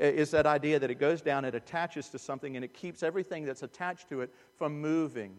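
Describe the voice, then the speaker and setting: A man preaching a sermon as a pastor, earnest and emphatic, dropping to hushed asides. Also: a little high. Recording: long reverb of a large hall.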